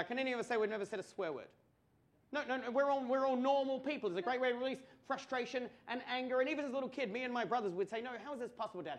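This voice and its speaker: An Australian man telling a crude, animated stand-up comedy story with swearing and mock outbursts. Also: very high voice.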